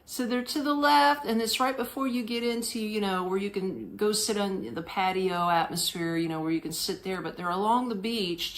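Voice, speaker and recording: Woman, podcast host, casual storytelling, slangy, laughs often, very lively pitch. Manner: animated, slangy, laughs often, mimics voices.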